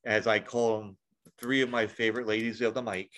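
A man's voice: fairly low pitch, level tone, brisk, a bit bright. A man chatting casually on a podcast, rambling with lots of restarts and the odd swear. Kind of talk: casual chat.

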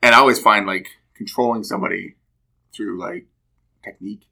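A man's voice: lowish voice, a little fast, gravelly. A man chatting casually about a training course, telling stories and acting out what others said. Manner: animated storytelling, acts out quoted speech. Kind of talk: casual podcast chat.

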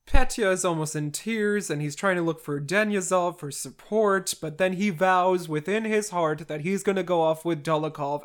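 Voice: mid-range voice, normal speed, hardly any pauses. Podcast host, casual book recap, wry and sarcastic, mid-range voice. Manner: wry, with sarcastic asides to the characters.

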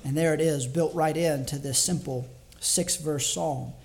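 A male evangelist preaching a sermon to his congregation, measured and reflective, slowing down to stress key words. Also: fairly high pitch, fairly even intonation, vocal fry, darkish tone. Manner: thinks aloud with small restarts.

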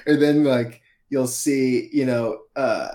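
A man's voice: medium pitch, fairly even intonation, slow pace, dark tone. A man co-hosting a comedy podcast, riffing playfully and swearing in casual chat. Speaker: podcast co-host.

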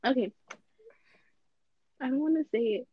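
A young woman talks slowly and a little huskily, trading playful protests and giggles. Her voice sits on the high side, heard close and dry through a dull, lo-fi recording. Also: breathy edge, dry recording. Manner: giggly, teasing, protests a lot. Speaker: co-host. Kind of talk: casual chat.

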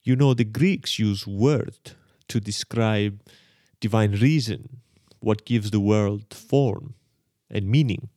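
A man putting on an Israeli accent to voice a thoughtful, calm apostle, speaking slowly and deliberately. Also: no room sound, clean studio sound. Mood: reflective. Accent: put-on Israeli accent. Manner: slow, deliberate, lower voice.

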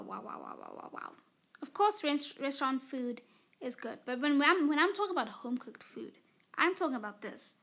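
A woman's voice: high voice, a bit bright. A young woman hosting her own podcast, chatting casually and gushing about favourites, rambling with lots of "like" and repeated words. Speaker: podcast host. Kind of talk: casual solo podcast chat.

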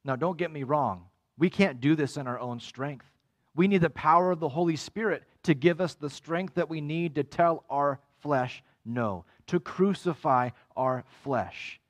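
A man preaching a sermon as pastor, animated and acting out quoted voices with big swings in pitch. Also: measured pace.

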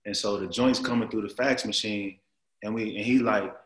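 A man in his thirties telling a story in casual chat, animated and full of slang and fillers. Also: fairly low pitch, normal speed. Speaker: guest. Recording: roomy echo.

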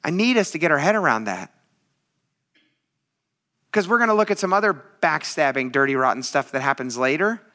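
A man's voice: on the high side, sing-song, a little fast, long pauses, pushed and bright. A man preaching a casual sermon in a chatty, teasing, self-mocking way. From military veteran. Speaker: pastor.

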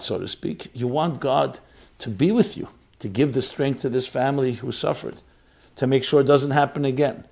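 Earnest rabbi with a gravelly voice. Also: male voice, on the high side, darkish tone. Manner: earnest, emphatic, rhetorical questions. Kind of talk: Torah talk to a congregation.

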